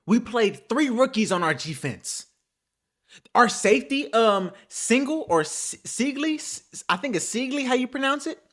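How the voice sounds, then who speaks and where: A young man hosts a solo football talk show. His voice sits a little high for a man, and he swings between low mutters and loud, animated trash talk full of curses. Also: moderate pace. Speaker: host.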